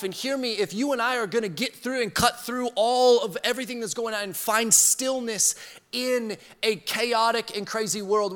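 A man preaching a sermon as pastor. He talks earnestly and swings from loud emphasis down to soft, slow, near-hushed lines. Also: high voice, in a large hall. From Georgia, US.

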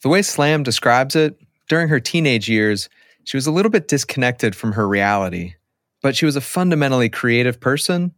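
A man hosting an interview, asking calm, affirming follow-up questions and narrating between the answers. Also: mid-range voice, a little fast, no room sound, studio quality. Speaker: interviewer, host.

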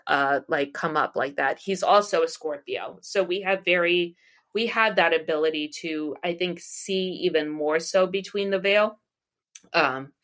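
Rambling woman telling stories, low voice. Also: unhurried, a bit bright. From United States. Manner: rambling, with frequent restarts and laughs. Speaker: interview guest, astrologer and psychic medium. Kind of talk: casual storytelling interview.

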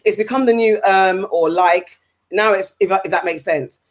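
Animated British woman ranting. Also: mid-range voice, moderate pace. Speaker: podcast co-host. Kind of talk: casual chat.

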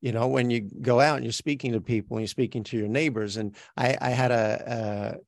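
A gravelly-voiced man with an Australian accent talks over a dry, close microphone. He speaks as an interview guest, chatty and self-reflective, and often restarts his sentences. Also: mid-range voice, steady tone, a little fast, no echo. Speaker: guest, actor. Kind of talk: podcast interview.

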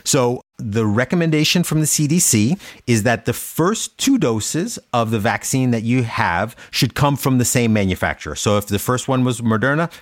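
A man co-hosting a medical podcast, explaining things in a relaxed, friendly way. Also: medium pitch, no echo, clean studio sound. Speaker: podcast co-host, doctor. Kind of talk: casual podcast chat.

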